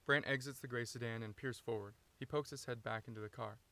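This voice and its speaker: Guy reading his script's stage directions in a car, plain steady voice, dry close sound. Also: medium pitch, brisk, vocal fry, hardly any pauses, no echo. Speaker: author reading his own screenplay. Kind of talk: script read-through narration. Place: inside a parked car.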